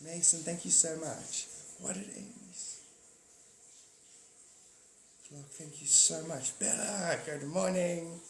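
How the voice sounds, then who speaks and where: A man's voice: fairly high pitch, slow, creaky, pauses often. Live streamer, male, rambling and jokey, recorded in a roomy space with faint noise hiss. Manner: rambling, jokey, swears, acts out silly voices. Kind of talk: casual live stream chat. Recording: echoey room with faint noise.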